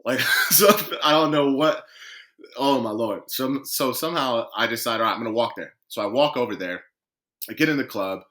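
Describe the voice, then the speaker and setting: Bright-voiced man telling a lively story. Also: mid-range voice, moderate pace. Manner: lively storyteller who acts out quoted dialogue. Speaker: guest footballer. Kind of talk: storytelling in a podcast interview.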